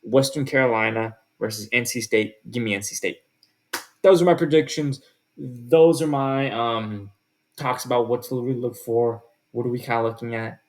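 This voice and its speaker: In a steady, mid-range voice at normal speed, a sports video host goes over his football predictions. His talk is casual and chatty, crowded with fillers and restarts.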